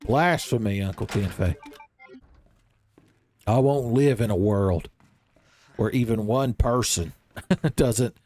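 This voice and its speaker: A man's voice: fairly low pitch, slow pace, long pauses, darkish tone, faint music behind, voice pushed down. A man voicing an indignant male fan who scolds him in theatrical mock outrage.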